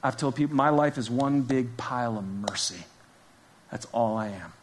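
A man preaching a sermon to a church congregation, talking casually and directly to the crowd, dropping to hushed whispers and rising to loud urgent emphasis. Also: mid-range voice, moderate pace, slight background noise. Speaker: pastor.

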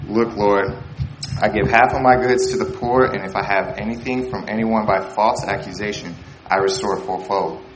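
A man's voice: on the low side, fairly even intonation, normal speed, close to an everyday voice. A man playing the repentant tax collector Zacchaeus in an improvised church skit, declaiming earnestly. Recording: echoey hall with loud crowd.

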